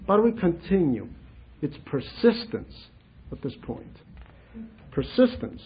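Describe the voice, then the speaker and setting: A man's voice: fairly high pitch, very animated, slow, a little hiss or hum. A man giving an informal spiritual talk to a group, speaking conversationally, repeating phrases and acting out simple prayers. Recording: dull lo-fi sound.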